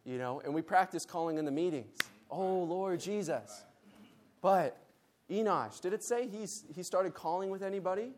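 A man's voice: sits high, brisk, darkish tone, slight background noise. A man speaking at a conference meeting, giving a Bible lesson and leading the audience in call and response. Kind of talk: Bible lesson with group exercise.

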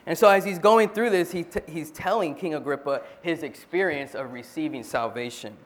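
A man's voice: fairly high pitch, normal speed. A man at a church meeting, earnestly retelling a Bible story in a casual sharing style, often restarting his sentences.

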